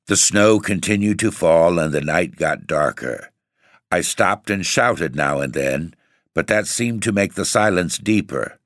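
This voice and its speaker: A man narrating a first-person story in a measured, clear storytelling manner. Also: low-pitched, expressive, a bit bright, no room sound, studio quality. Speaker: audiobook narrator.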